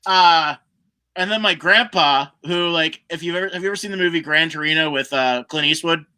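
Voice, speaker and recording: Casting note: male podcast guest, brisk and bright, who acts out the voices of the people in his stories. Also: on the high side, clean tone. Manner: animated storyteller who acts out other people's lines. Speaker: guest musician. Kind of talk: casual podcast storytelling.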